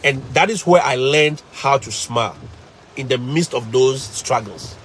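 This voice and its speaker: A man with a Ghanaian English accent, a teacher, casually telling stories to live viewers in an animated, emphatic way, repeating phrases for effect. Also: mid-range voice, a little slow, a little hiss or hum.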